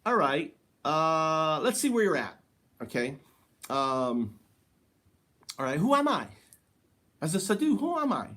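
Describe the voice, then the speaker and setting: A man's voice: on the high side, big pitch swings, a little slow, long pauses, a bit bright, voice pushed up, full character voice. Man putting on a wise spiritual master, probing.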